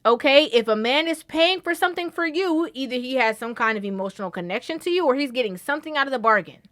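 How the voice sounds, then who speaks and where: A woman hosting a casual commentary vlog, animated, often breaking into laughter and tossing in a questioning "okay?". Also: high-pitched, fast talker. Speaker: vlog host.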